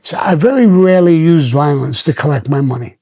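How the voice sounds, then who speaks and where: An older man hosting a storytelling podcast relates his own tales, blunt, plainspoken, and heavy on profanity. He talks briskly in a fairly high, mellow voice with lively intonation.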